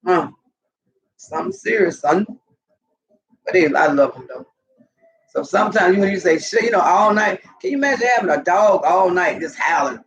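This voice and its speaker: A woman telling animated, profane stories casually to her viewers, laughing often. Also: fairly low pitch, normal speed, long pauses, low-quality recording. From Southern US. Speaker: vlogger. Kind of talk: casual storytelling to camera.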